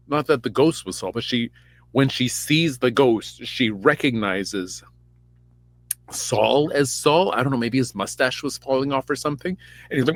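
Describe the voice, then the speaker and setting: A man's voice: medium pitch, unhurried, dry recording. A podcast host, a man, retelling a Bible story in a rambling, irreverent, campy way.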